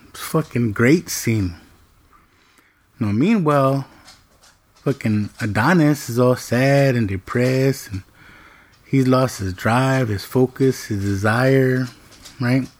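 A man casually recapping a movie plot in an animated, profane way, checking in with "right?" after nearly every point. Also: medium pitch, slow pace, pauses often. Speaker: movie reviewer.

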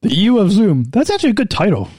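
A man's voice: huge pitch swings, fast, darkish tone, breathy edge, no echo, studio quality. A man co-hosting a casual podcast, reading listener questions in a playful radio voice. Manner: reads listener questions in a high sing-song radio voice. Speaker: podcast co-host.

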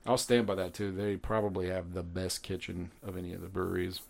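A man co-hosting a podcast, casual chat, enthusiastic and quick with punchy interjections. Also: low voice, flat delivery, creaky. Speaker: podcast co-host.

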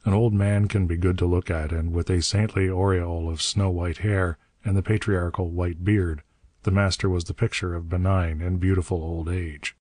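Brief: male audiobook narrator, steady and measured, deep pitch, dry booth. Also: dry recording.

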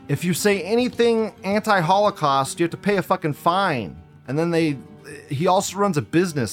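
Sarcastic, profane man with a higher voice. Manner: profane, sarcastic, jumps between loud outbursts and mutters. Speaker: livestream host. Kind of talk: casual live-stream commentary.

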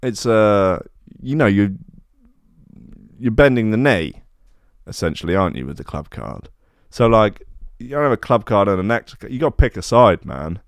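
A man hosting a podcast, talking in a rambling, sardonic way with lively ups and downs in his pitch. His voice sounds smooth and resonant, recorded close on a dry mic with no room sound. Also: moderate pace, dry recording. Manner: rambling, sardonic, with frequent restarts and asides. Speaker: podcast host. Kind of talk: casual comedic podcast monologue.

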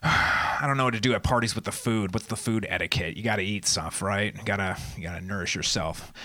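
A man's voice: on the low side, a little fast, bright, forceful tone. A man in his twenties doing a stand-up comedy set, rambling through self-deprecating asides. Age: 20s.

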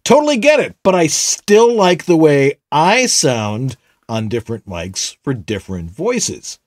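A man's voice: fairly high pitch, big pitch swings, unhurried, no room sound. A man co-hosting a casual tech show, reading listener questions with wry, jokey asides.

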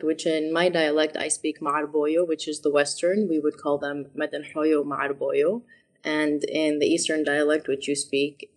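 Low-voiced reflective woman guest. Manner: reflective, explains with examples. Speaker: interview guest. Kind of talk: conversational interview.

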